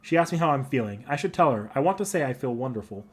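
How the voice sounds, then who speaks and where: A man reading a visual novel aloud, narrating in a soft, earnest first person. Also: medium pitch, lively intonation, quick pace, husky. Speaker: anime club member narrating a game.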